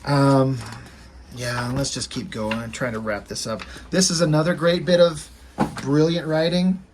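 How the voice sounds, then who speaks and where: A man's voice: mid-range voice, fairly even intonation, normal speed, background noise. A man giving a casual, rambling, enthusiastic commentary on comic strips. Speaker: comic reviewer.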